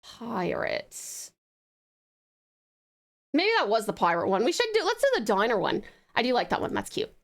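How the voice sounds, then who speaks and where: A woman's voice: a little high, huge pitch swings, moderate pace, pauses often. A woman streaming live, gushing thanks at her viewers with sweet pet names. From Tasmania, Australia. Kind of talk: live game stream chat.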